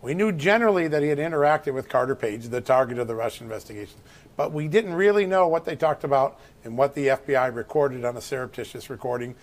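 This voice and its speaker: Fast-talking male news guest. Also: mid-range voice, expressive. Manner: rapid, explanatory, quotes documents. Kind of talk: brisk news interview explanation.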